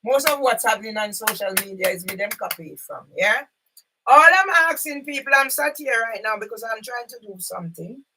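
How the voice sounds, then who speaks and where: An older woman speaking from home in an impassioned, rambling monologue to camera, at times breaking into loud outbursts. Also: on the high side, expressive, fairly quick, husky. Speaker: vlogger. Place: sitting at home. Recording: voice a bit far from the mic.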